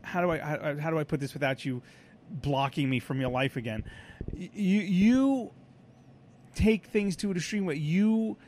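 A male podcast co-host with a fairly high, darkish voice tells a long anecdote at a moderate pace in casual chat. He rambles and interrupts himself, with lots of restarts and fillers.

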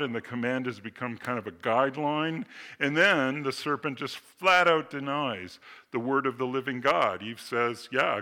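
A man preaching a sermon, explaining scripture with slow readings, asides and rhetorical questions. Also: mid-range voice, bright, forceful tone. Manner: expository teaching, reads scripture slowly, asides and rhetorical questions. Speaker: pastor.

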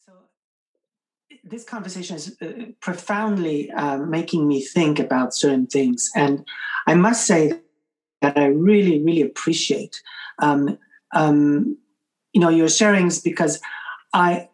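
A woman speaking reflectively in a conversation, halting with many pauses and fillers as she thinks aloud. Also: low-pitched, darkish tone, rough recording.

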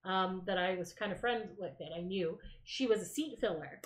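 A woman's voice: mid-range voice, moderate pace. Woman, from Canada, podcast co-host, casual chat, acts out quotes, echoey room. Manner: animated storyteller, acts out quotes.

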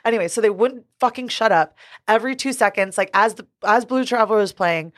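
Laughing, animated woman podcast co-host. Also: a little high, brisk, no room sound, clean studio sound. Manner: animated storyteller, swears freely, laughs often. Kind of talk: casual chat.

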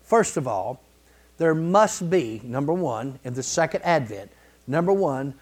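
A man preaching a sermon in a folksy, colloquial way, building to emphatic repeated phrases and clearing his throat now and then. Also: on the high side, expressive, measured pace. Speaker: pastor.

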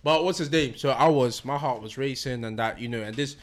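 A man's voice: mid-range voice, brisk, a crowd in the background. A young man telling a story in casual chat among friends, slangy and laughing often.

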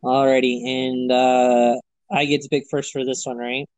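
A man with a mid-range voice hosts a sports podcast from his computer over a remote call. He is easygoing and pauses on "uh" often. The sound is dry and close. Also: medium pitch, little pitch movement, a little mellow, dry recording, poor audio. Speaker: podcast host. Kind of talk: casual sports chat.

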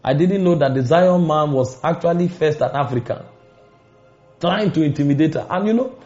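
A man's voice: a little high, a little mellow, faint music behind. Nigerian male preacher, muffled lo-fi sound. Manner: storytelling preacher, emphatic rises and dramatic pauses. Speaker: pastor. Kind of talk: sermon. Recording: muffled lo-fi recording.

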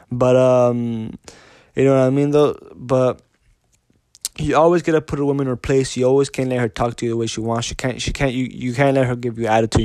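Male show host, mid pitch, blunt and profane, repetitive, insistent rhetorical questions, dry close sound. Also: a little mellow, no echo. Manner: repetitive, profane, keeps asking "you know what I mean"; blunt and insistent, restarts sentences often. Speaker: podcast host giving dating advice. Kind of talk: casual unscripted monologue.

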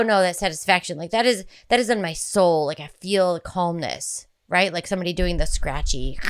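A woman's voice: mid-range voice, a bit bright, clear, resonant tone. A woman in her thirties co-hosting a podcast, chatting in a rambling, giggly and frank, crude way. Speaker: podcast co-host. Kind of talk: casual chat.

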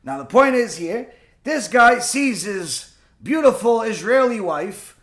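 A man teaching a Torah lesson through lively, animated storytelling with asides and fillers. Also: sits high, slow pace. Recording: echoey room.

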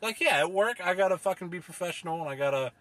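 A man's voice: high-pitched, expressive, fast talker, a bit bright, dry recording. A man from the US delivering a profane, rambling, exasperated comedic rant as a solo podcast host.

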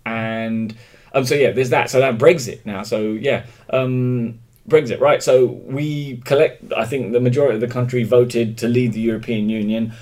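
An English man talking as a guest in a relaxed interview, his voice sitting at an everyday middle pitch. He speaks emphatically and with strong opinions, circling back and restarting as he works through his thoughts. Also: moderate pace. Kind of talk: casual conversational interview.

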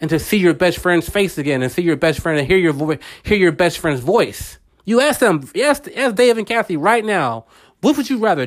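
A man in middle age speaks in a slightly raised pitch, circling back over his points with earnest, preacherly repetition. It sounds like a casual motivational podcast monologue. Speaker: podcast host.

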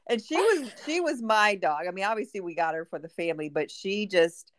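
Chatty middle-aged woman, lowish voice. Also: lively intonation, a little fast, fairly bright tone, no room sound, studio quality. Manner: chatty, rambling with many fillers. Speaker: guest. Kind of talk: casual chat.

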